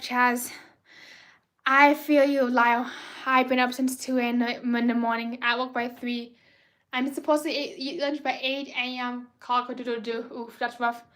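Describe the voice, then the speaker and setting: A woman hosting a live art stream, chatting excitably with viewers while drawing, rambling and often restarting her sentences. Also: sits high. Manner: bubbly, rambling, cheers and greets viewers; self-corrects and restarts often. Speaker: livestream host drawing fan art requests.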